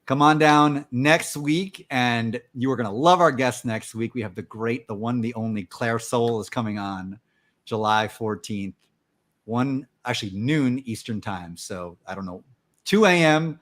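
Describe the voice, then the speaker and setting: A man's voice: mid-range voice, a little slow, a bit bright. A man hosts a casual podcast conversation over a video call. He sounds enthusiastic and thanks his guest effusively. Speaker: podcast host. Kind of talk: casual chat.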